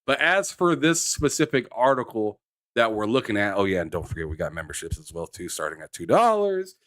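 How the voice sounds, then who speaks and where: A man's voice: fairly low pitch, sing-song, brisk, a bit bright, no echo, clean studio sound. A man co-hosting a gaming news show, talking in a loose, slangy way and repeating words as he gets going. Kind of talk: casual chat.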